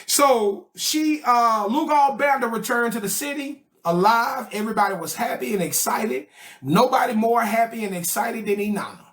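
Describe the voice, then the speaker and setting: A man's voice: extremely high pitch, lively intonation, normal speed, a bit bright. A man teaching a study group in a casual, joking way, full of slang and checks like "okay?" and "right?". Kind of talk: casual explanatory lecture.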